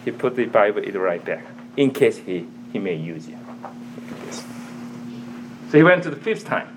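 A man teaching a church audience in a sermon style, animated, quizzing listeners, with broken, non-native-sounding phrasing. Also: on the low side, normal speed, slight background noise.

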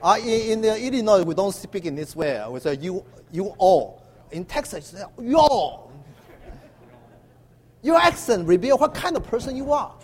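High lively preacher in a reverberant hall. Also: male voice, husky. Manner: halting with many uh fillers, emphatic call-and-response. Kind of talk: sermon.

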